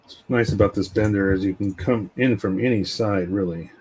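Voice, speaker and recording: Husky man talking through a model build. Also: lowish voice, normal speed, rough recording. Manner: relaxed, rambling, tells stories while working. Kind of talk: casual build commentary.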